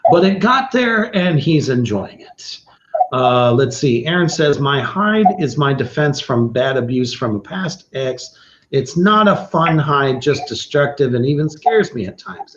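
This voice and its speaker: A man's voice: fairly high pitch, expressive, a little slow, slight background noise. A man hosting a casual livestream, reading viewer comments aloud, swearing freely and laughing often. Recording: roomy, slightly dull sound.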